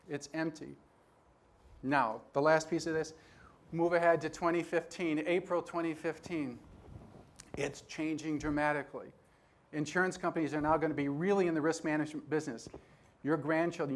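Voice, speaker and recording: A man in his sixties giving a conference talk, telling stories and acting out dialogue with animated energy. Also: a little high. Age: 60s. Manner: animated storyteller who acts out dialogue. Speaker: conference speaker. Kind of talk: storytelling keynote talk.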